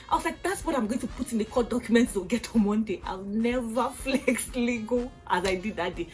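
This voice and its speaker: A young Nigerian woman with a Nigerian accent, telling a storytime vlog in an animated, exasperated way with acted-out outbursts. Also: fairly high pitch, a little fast, hardly any pauses, faint music behind. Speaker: vlogger.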